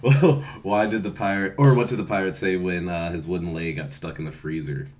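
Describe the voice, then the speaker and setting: A man's voice: low voice, a little fast, darkish tone, a little hiss or hum. A young man co-hosting a casual podcast, laid-back and chuckling often, with lots of "um" and "like". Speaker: podcast co-host.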